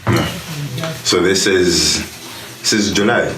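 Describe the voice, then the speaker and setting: A man's voice: deep voice, sing-song, takes it slowly, reverberant, distant mic. A man co-hosting a casual podcast, reacting in an easygoing way and asking stammering questions. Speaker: podcast co-host.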